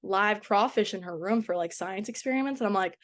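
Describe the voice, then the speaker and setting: A woman's voice: mid-range voice, fairly quick. A young woman with a slight Boston accent, a college athlete chatting as a podcast guest, laughing often and using lots of fillers. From Boston area. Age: young adult. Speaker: guest, college soccer goalkeeper. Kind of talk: casual interview chat.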